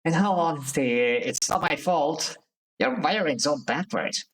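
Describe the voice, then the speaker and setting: A man's voice: on the high side, expressive, a little slow, a bit bright, a little hiss or hum, voice pushed up. A man reading the lines of a sheepish, earnest crewmate in a sci-fi game, in a slightly raised voice. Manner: apologetic, earnest. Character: bright-voiced android crewmate, sheepish and busy. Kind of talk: reading game dialogue aloud.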